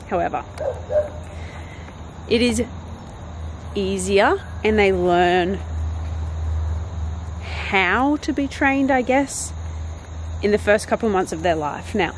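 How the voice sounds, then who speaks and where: A woman chatting casually outdoors in a backyard, vlogging while training her dog and calling to it in a high sing-song voice. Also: slight background noise, poor audio. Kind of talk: casual vlog chat.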